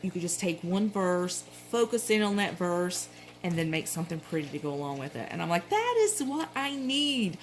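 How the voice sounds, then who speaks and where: A woman's voice: fairly low pitch, fairly even intonation, brisk, a little hiss or hum, low-quality recording. A middle-aged woman with a Southern accent, chatting casually as she shows off planner supplies, rambling and correcting herself as she goes. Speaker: planner vlogger. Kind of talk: casual show-and-tell chat.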